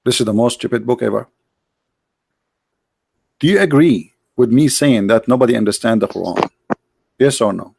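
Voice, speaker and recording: Gravelly Arab man pressing with questions. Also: medium pitch, normal speed, long pauses, darkish tone, no echo. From Arab world. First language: Arabic. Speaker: debate host. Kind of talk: live online debate.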